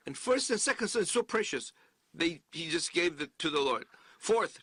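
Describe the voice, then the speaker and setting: A man preaching a sermon in an earnest, emphatic way, often halting and restarting his sentences. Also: sits high, lively intonation, sharp tone, dry recording. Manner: halting, with frequent restarts and fillers.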